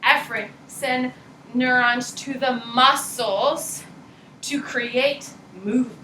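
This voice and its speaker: A woman teacher giving a casual, animated classroom lecture, blunt and chatty. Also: high voice, takes it slowly, a little hiss or hum. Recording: echoey classroom from far off.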